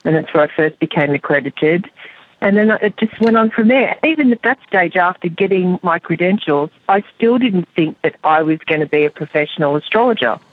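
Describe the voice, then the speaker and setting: A woman's voice: lowish voice, lively intonation, fairly quick, no room sound. A woman in her fifties with an Australian accent, chatting easily as a guest astrologer and laughing often. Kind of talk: casual interview. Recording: dry, tinny phone line.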